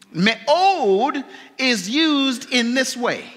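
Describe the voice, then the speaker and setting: A male pastor delivers an impassioned sermon through tears, his voice high and bright. He swings from near whispers up to shouts with a lively, rising pitch. The hall gives his voice a long echo. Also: normal speed. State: tearful. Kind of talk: emotional sermon. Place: fellowship hall.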